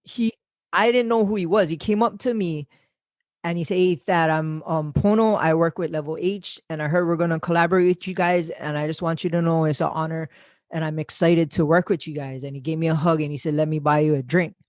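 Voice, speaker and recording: A young man hosts a podcast in casual chat. He tells stories in a loose, animated way, swearing and laughing as he acts out quotes. The recording is close and dry. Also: fairly high pitch, a little fast, no room sound. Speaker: podcast host.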